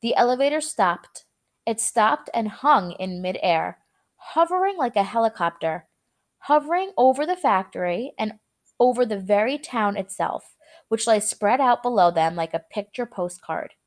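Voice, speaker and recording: A woman's voice: on the high side, expressive, normal speed. A young woman teacher reading a chapter aloud to her students and explaining words in a casual, chatty way.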